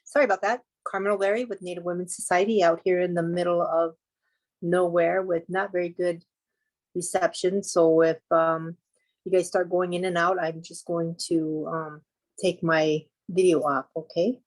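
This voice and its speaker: A woman's voice: lowish voice, little pitch movement, moderate pace, rough recording. A woman joining a video-call panel, plain-spoken and apologetic about her connection. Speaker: panel guest. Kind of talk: casual talk on a video call.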